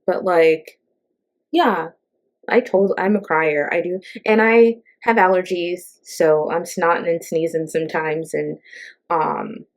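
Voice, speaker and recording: Woman, middle-aged, low-pitched, sarcastic, rambling casual rant, many asides. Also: steady tone, takes it slowly. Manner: chatty, sarcastic, lots of fillers and asides. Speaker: host. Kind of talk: casual ranting monologue.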